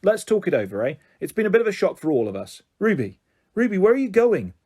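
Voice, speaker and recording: A man voicing a firm but caring middle-aged father calming his daughters. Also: high-pitched, quick pace, breathy edge, pitched above the performer's own voice, full character voice.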